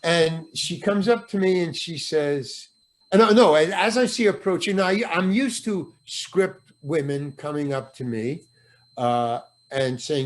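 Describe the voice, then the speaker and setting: An older actor, guesting on a podcast interview, tells an anecdote with lively storytelling, imitating the voices of the people he quotes and swearing freely. His voice sits on the high side and his pace is unhurried.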